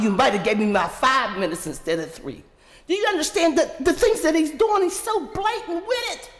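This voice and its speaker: Woman, high lively voice, indignant and confronting, echoey council chamber with long reverb. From Pittsburgh, USA. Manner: angry, indignant, confronting council members directly. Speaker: public commenter at a city council meeting. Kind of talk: impassioned public comment.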